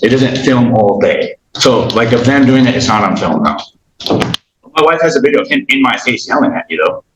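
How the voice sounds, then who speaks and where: A man's voice: medium pitch, expressive, moderate pace, echoey room, dull audio, background noise. Agitated man testifying in court. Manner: agitated, rambling, restarts sentences, acts out quotes. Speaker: litigant in small claims court.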